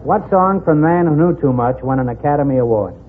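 A man's voice: a little high, expressive, brisk. A man hosting a 1950s radio quiz show, wisecracking and teasing the contestants. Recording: tinny old radio broadcast with hiss.

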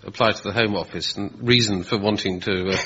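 A man on a comedy panel, spinning a wry, rambling story with pauses and ums. His voice is bright and sharp-edged. The sound is muffled and lo-fi, with faint hiss. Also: lowish voice, steady tone. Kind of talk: improvised comic chat. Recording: lo-fi broadcast audio.

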